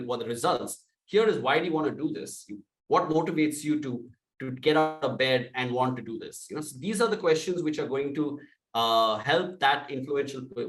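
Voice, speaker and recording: A man coaching salespeople, speaking loudly and with energy and acting out sample calls. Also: medium pitch, echoey room, recorded from a distance, rough recording. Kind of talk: sales training talk.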